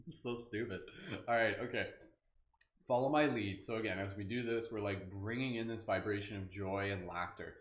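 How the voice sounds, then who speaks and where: A man's voice: fairly low pitch, moderate pace, roomy sound. A man hosting a live guided meditation, playful and goofy, chatting loosely with lots of filler words. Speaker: meditation host.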